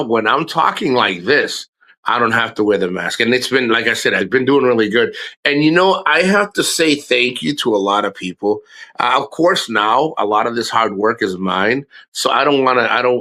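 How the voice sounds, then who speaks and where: A middle-aged man streams live through a streaming microphone, speaking casually and candidly, swearing and often restarting his sentences. His voice is mid-range with a sharp tone.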